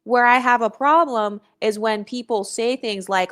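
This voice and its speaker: A woman's voice: fairly high pitch, measured pace, few pauses, a bit bright. Blunt, sassy woman streaming live. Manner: blunt, sassy, swears freely, reads chat aloud. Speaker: livestream host. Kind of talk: casual livestream commentary.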